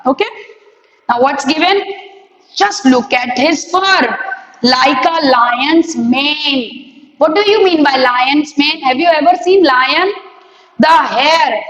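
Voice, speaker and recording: A woman's voice: sits high, fairly bright tone. A woman teacher explaining a textbook lesson, asking the class many questions and repeating key words. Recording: echoey room with long reverb.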